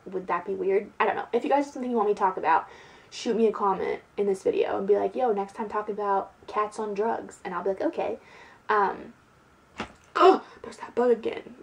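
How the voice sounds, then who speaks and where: A young woman talks casually to her camera from home, chatty and giggly, with a steady stream of "like". Her voice sits at an ordinary middle pitch. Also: poor audio. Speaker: beauty vlogger. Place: at home, sitting indoors.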